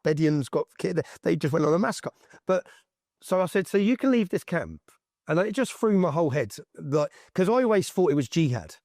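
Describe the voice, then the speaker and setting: Here is an English man telling a story in a high, lively voice that swings up and down as he gets worked up. He talks emphatically and keeps checking in with "yeah?" The sound is dry and close. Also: a little fast, no echo. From England. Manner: excitable, emphatic, full of asides like "yeah?". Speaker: interview guest. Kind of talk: animated storytelling in conversation.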